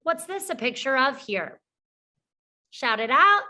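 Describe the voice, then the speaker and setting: Young woman teacher for small children, high and bright, slow and encouraging. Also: very animated. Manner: encouraging, slow and clear, praising often. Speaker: preschool teacher.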